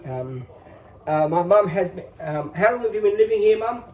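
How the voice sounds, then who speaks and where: A man's voice: high-pitched, animated, moderate pace, a little mellow, far from the mic, slight background noise. A man in his fifties hosting a casual phone vlog, rambling on with lots of fillers in a reassuring tone. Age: 50s. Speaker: channel host.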